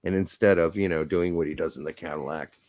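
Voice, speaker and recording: A man with a Midwestern accent co-hosting a podcast in casual chat, loud and rambling, swearing freely. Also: sits low, fairly even intonation, fast, no room sound. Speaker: podcast co-host.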